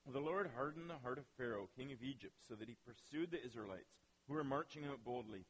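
A man preaching a sermon as pastor, telling stories with lively asides and acting out quoted voices. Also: mid-range voice, slight background noise, rough recording.

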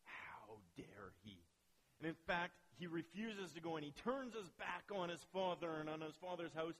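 A man preaching a sermon, retelling a story with animated dramatic pauses. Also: high voice, rough recording. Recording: faint hiss.

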